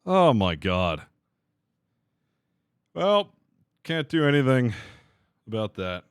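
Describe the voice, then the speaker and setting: A man streaming a game live, talking to his crew and chat, swearing freely and quick to vent his frustration. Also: lowish voice, very animated, clear, resonant tone, no room sound, clean studio sound. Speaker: livestreamer. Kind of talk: live gaming commentary.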